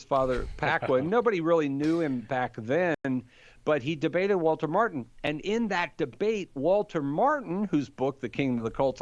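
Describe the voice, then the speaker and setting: A man's voice: mid-range voice, dry recording, muffled recording. An older man explaining Catholic teaching in a conversational podcast, telling stories with animation and acting out the people he quotes. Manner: animated storyteller, acts out quoted debaters. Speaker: Catholic apologist guest.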